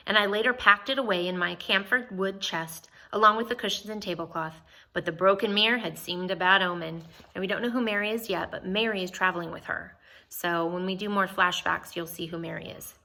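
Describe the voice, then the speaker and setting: A woman teacher reading a novel aloud, expressive, pausing to explain the story to her listeners. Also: fairly low pitch.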